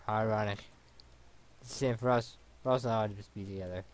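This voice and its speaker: A man's voice: on the low side, fairly even intonation, fast talker. Man reading a visual novel aloud.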